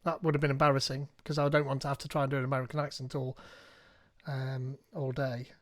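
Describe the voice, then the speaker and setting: A man hosting a live tech tutorial, reading instructions aloud and thinking out loud as he goes. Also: medium pitch, level tone, quick pace, no room sound, clean studio sound. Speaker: tech streamer.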